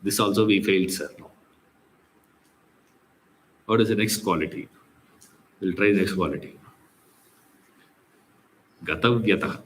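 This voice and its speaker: A man's voice: low-pitched, measured pace, long pauses, rough recording. Man teaching scripture, chatty. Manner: conversational storytelling with frequent "you know" and rhetorical questions. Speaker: Vedanta teacher. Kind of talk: scripture class lecture.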